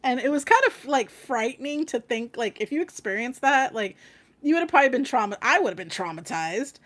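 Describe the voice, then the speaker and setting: Young female tarot reader, livestream host, fairly high voice, loose and laughing, curses casually. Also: expressive, brisk, fairly bright tone. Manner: chatty, laughs often, swears casually.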